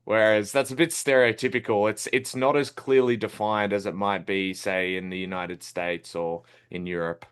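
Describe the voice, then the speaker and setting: A man's voice: on the low side, steady tone, normal speed, few pauses, a bit bright, clean tone. A young Australian man in his twenties, a film critic being interviewed, talking in a friendly, rambling way and laughing easily. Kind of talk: casual podcast interview.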